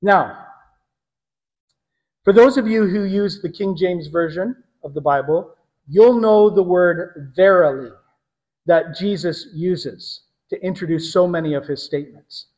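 A man preaching a sermon to a congregation in a conversational teaching manner, pausing to correct himself. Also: high-pitched, a little mellow, in a large hall, low-quality recording.

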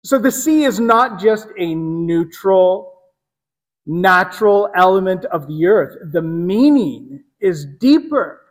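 A man preaching a sermon, teaching earnestly with slow, emphatic phrasing. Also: sits high, big-room sound. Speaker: pastor.

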